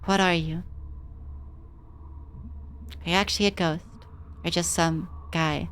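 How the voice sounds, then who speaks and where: Casual, low-voiced woman streamer. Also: fairly even intonation, slow, fairly bright tone, slight background noise. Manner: casual, swearing freely. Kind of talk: reading game dialogue aloud on a livestream.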